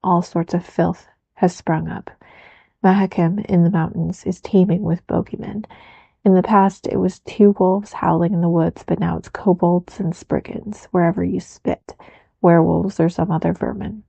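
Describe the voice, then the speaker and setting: A woman voicing a stern, grumbling male castellan in a soft whispered role-play reading. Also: fairly low pitch, steady tone, normal speed, gravelly, breathy edge, no echo, lo-fi sound. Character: gruff wary male castellan, stern official.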